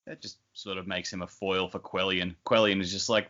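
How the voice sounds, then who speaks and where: A man's voice: low voice, flat delivery, fairly quick, a bit bright, highs cut off. A man co-hosting a book-club podcast, giving wry, opinionated takes on the characters. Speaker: podcast co-host. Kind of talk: casual book-club chat.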